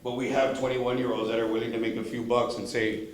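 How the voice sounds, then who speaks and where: Casting: man, mid pitch, easygoing storyteller presenting to parents, heavy room echo. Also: little pitch movement, fast, slight background noise. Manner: storytelling, acting out quoted speech. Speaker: drug prevention presenter. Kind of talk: informal school presentation.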